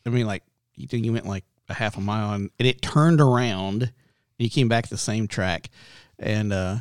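A man with a Texan accent talks in a low voice, hosting a relaxed chat. He rambles through his stories with many restarts. His voice is dry and close. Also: moderate pace, smooth, no echo. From Texas. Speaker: podcast host. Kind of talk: casual chat.

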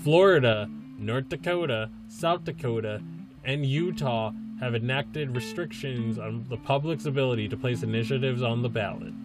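A man's voice: mid-range voice, normal speed, over music. A man hosting a podcast, talking casually and rambling with frequent ums and restarts. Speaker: podcast host.

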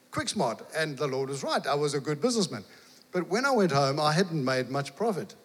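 A man preaching, telling a lively personal story and acting out the dialogue. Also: a little high, brisk, breathy edge. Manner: animated storyteller, acts out dialogue, laughs. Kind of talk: storytelling sermon. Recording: long hall reverb.

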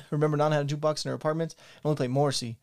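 A man hosting a podcast, shifting between a comedy sketch and casual chat, rambling like an excitable storyteller. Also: on the high side, rapid-fire. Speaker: podcast host.

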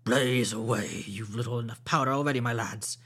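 A gruff, stubborn old sea captain, as a man reads him aloud in a storybook reading. His talk is blunt and clipped, full of seafaring turns, and held at a middling pitch. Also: normal speed, close to an everyday voice. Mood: defiant. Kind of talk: audiobook reading.

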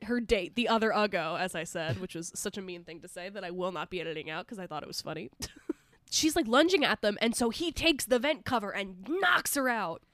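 A woman co-hosting a podcast in casual chat, animated and swearing freely as she acts out movie characters. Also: mid-range voice, fairly quick, dry recording. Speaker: podcast co-host.

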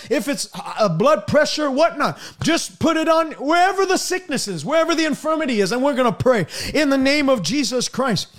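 A man's voice: extremely high pitch, fairly bright tone. A male preacher giving a sermon and leading a fervent healing prayer, declaring in long repeated lists.

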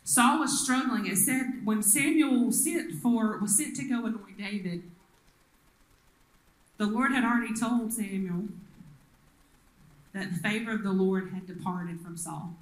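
A woman's voice: mid-range voice, measured pace, long pauses, reverberant, low-quality recording. A woman pastor, preaching a sermon and retelling the story with acted voices. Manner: storytelling, acts out the quoted people.

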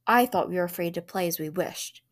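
A woman's voice: on the low side, a little fast, natural voice. A woman voicing a sulky spoiled boy in a storybook reading, curt and defiant.

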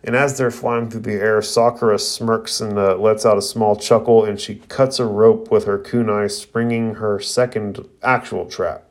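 Man, casual recap of a cartoon episode for a review show, lowish voice. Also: level tone, normal speed, few pauses. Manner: casual, retelling with fillers. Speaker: anime reviewer.

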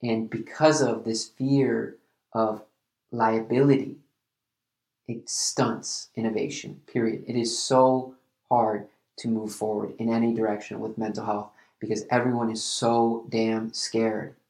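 A man hosting a solo podcast, talking earnestly and reflectively, often halting and restarting his sentences. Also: lowish voice, level tone, vocal fry, darkish tone, reverberant. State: emotional at times. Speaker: podcast host.

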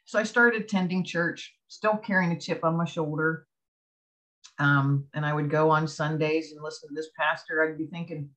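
A woman's voice: sits low, steady tone, normal speed, fairly bright tone, poor audio. A woman as an interview guest, telling her personal faith testimony earnestly and acting out her own past thoughts as she goes.

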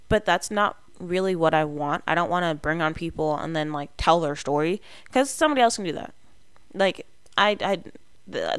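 Young woman doing a solo podcast, rambly and candid, lowish smooth voice, dry close mic. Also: no echo. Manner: candid, rambling self-talk. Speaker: podcast host.

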